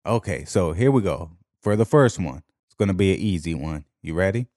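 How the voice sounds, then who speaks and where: A deep-voiced man co-hosts a podcast, talking in loose, joking banter and humming bits of songs. His voice is very low, recorded close on a dry mic with no room sound. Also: animated, fairly quick, darkish tone, dry recording. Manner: joking, hums and half-sings music cues. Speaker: podcast co-host. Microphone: new podcast microphone.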